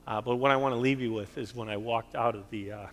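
A man's voice: medium pitch, steady tone, fast talker. Earnest middle-aged preacher man, pleading tone, church hall echo. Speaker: pastor. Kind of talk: sermon with closing prayer. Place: church sanctuary. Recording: long hall reverb.

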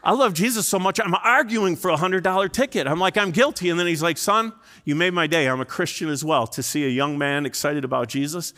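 A man's voice: a little high, fairly quick, few pauses, bright, forceful tone. Earnest male pastor preaching in a reverberant hall. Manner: earnest, emotional storytelling. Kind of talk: sermon. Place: church sanctuary. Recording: long reverb in a large hall.

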